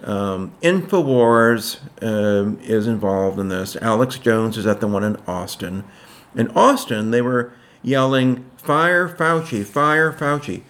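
A man's voice: fairly low pitch, a little slow. A man in his sixties co-hosting a podcast, talking politics casually and stretching out key words for emphasis. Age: 60s. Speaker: podcast co-host.

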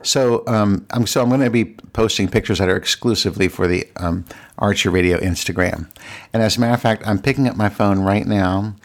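Deep gravelly man, rambling podcast host. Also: brisk. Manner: rambling, frequent restarts and stammered repeats; candid, exasperated. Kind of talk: casual solo podcast monologue. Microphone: desk podcast mic.

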